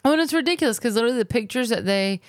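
A woman's voice: on the high side, expressive, racing, no room sound, clean studio sound. A woman co-hosting a podcast in casual chat, exasperated and chatty, leaning heavily on "like". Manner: chatty, exasperated, many "like" fillers. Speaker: podcast co-host.

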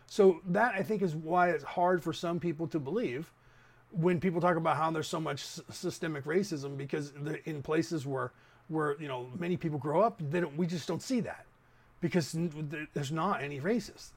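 A podcast host in his fifties from the San Francisco Bay Area delivers a casual, rambling opinion monologue, talking straight to his listeners. His voice is on the high side, and he speaks at a normal speed.

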